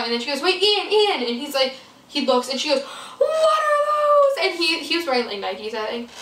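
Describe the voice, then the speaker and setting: Teen girl vlogger, rambling storyteller, slightly high voice, echoey room, set back from mic. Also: fairly bright tone, a little hiss or hum. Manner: rambling, filler-heavy, acts out quotes. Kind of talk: casual storytime chat. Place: bedroom. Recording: roomy echo, mic a bit far off.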